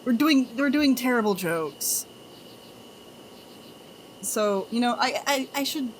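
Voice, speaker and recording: Slow-talking giggly woman streamer. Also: a little high, lively intonation, slight background noise. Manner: giggly, trades groan-worthy jokes with chat. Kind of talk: casual live-stream chat.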